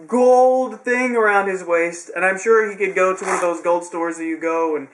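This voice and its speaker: High-voiced young man, rambling recap. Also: moderate pace, fairly bright tone, a little hiss or hum. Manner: rambling, sarcastic asides. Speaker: wrestling show reviewer. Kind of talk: casual recap.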